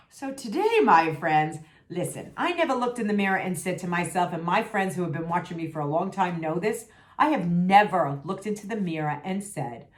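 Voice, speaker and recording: A woman's voice: lowish voice, expressive, normal speed. A middle-aged woman venting candidly to her viewers in a vlog, sassy and emphatic, repeating herself for emphasis, her voice a little worn. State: losing her voice. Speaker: vlogger. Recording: echoey room.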